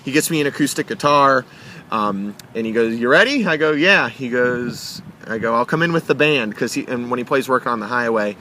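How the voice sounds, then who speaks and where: A young man tells an excited story from a car. He is animated and acts out every quote, with a low hum of traffic outside. His voice sits at an ordinary middle pitch. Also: a little fast. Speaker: interview guest.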